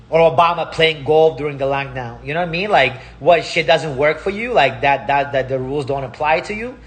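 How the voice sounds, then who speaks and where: A slightly high, somewhat bright male voice belongs to a Russian-first-language speaker in Palm Springs. His casual monologue is heated and profane, and he keeps repeating himself.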